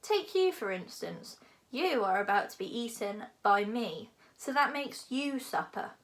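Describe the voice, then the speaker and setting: A woman's voice: fairly high pitch, animated, a little slow. Lady doing a big cheery dragon, pompous and polite but out to eat you, audiobook style. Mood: lecturing. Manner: genial, pompous, leisurely. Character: huge cheerful male dragon, philosophical and menacing.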